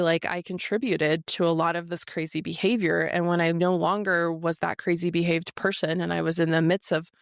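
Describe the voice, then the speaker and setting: A woman's voice: fairly low pitch, gravelly, no echo, clean studio sound. A woman in her forties hosting her own podcast, talking frankly and confessionally, swearing freely. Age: 40s. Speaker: podcast host. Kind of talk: candid solo podcast monologue. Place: office.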